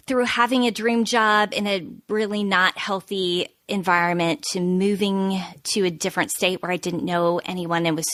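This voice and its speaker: A woman in her thirties, a podcast guest, telling her story in an earnest, confessional, animated way. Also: lowish voice, no echo. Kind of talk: candid personal storytelling.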